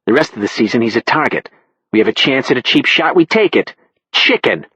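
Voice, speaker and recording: A male narrator voicing a mocking, loudmouthed male coach who jeers and taunts. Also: medium pitch, big pitch swings, fairly quick, husky, dry recording, heavily acted. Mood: taunting. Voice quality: taunting, jeering.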